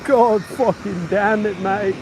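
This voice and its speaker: A man puts on a drunk, belligerent bloke, who swears and makes slurred, rambling threats. He drags each phrase out slowly in a slightly raised voice. The street behind him is loud with traffic. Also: high voice. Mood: frustrated. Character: drunk, foul-mouthed, belligerent Australian bloke. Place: street outdoors. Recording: outdoor street traffic noise.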